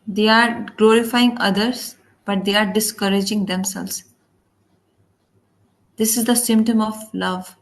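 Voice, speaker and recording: A woman's voice: mid-range voice, fairly even intonation, a little slow, pauses often. A woman giving a devotional class, telling stories and acting out quoted speech, often restarting words mid-way. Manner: storytelling, acts out quoted speech; frequent restarts and self-corrections. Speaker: spiritual teacher.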